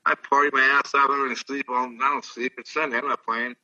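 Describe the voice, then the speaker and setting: A man's voice: medium pitch, little pitch movement, fast talker, pushed and bright, recorded from a distance, muffled recording. An older man, a former ballplayer, telling rambling, profane stories in casual chat. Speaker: guest, former baseball player. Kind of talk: casual storytelling.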